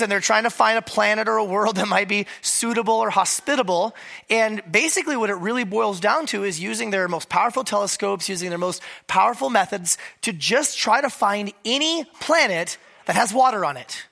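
A middle-aged pastor with a cold, preaching a sermon to a church that meets in a high school, relaxed and joking between points. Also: brisk, gravelly. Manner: conversational with joking asides. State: hoarse from a cold.

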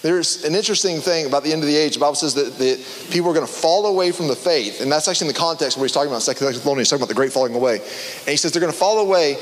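A man preaching a casual sermon to a small group, conversational and animated, with frequent restarts and fillers. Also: a little high, racing, long reverb tail, a little hiss or hum.

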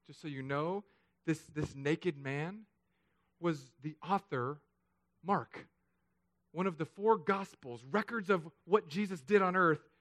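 A man preaching a sermon, telling stories with jokes and playful asides that turn hushed and solemn. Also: a little high. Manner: animated, joking storytelling with hushed, solemn turns. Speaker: pastor.

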